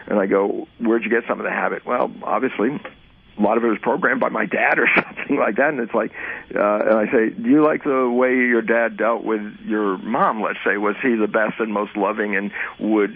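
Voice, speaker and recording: Husky man, tinny phone-like sound. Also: on the low side. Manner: animated, acts out both sides of imagined dialogues. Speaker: interview guest. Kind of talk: casual explanatory talk.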